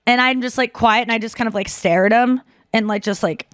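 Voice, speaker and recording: A woman in her thirties hosting a podcast, telling a long story in a casual, animated way, full of fillers and acted-out quotes. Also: a little high, fairly quick, no room sound, clean studio sound. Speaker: podcast host.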